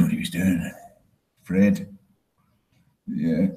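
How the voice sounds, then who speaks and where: A Scottish man with a slight Canadian tinge doing a crude, self-mocking stand-up set in a deadpan way. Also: normal speed, echoey room, poor audio. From Scotland. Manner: deadpan, crude, self-mocking, breaks into high mocking voices for quoted people. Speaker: stand-up comedian.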